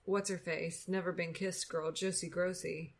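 A woman's voice: fairly low pitch, level tone, moderate pace. A young woman casually chatting as a podcast co-host, joking and filling her talk with "like" and "um.". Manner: chatty, joking, lots of fillers and "like". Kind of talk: casual chat recapping a reality TV episode.

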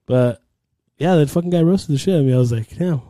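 A young man, a podcast host, recounting an awkward errand in casual chat. His voice is mellow and dark, set close and dry, and he laughs through his lines and swears freely. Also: a little high, quick pace, no echo.

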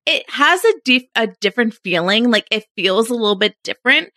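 Bright, chatty woman podcast guest. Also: a little high, expressive, fairly quick, no echo. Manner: chatty, laughs often, many fillers. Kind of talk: casual podcast chat.

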